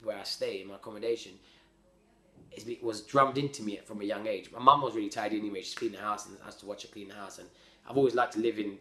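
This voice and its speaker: A man with a lowish voice tells a long story in loose, slangy, animated talk, doubling back on himself as he goes. The room around him is echoey. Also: quick pace. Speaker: podcast guest. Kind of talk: casual storytelling. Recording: roomy echo.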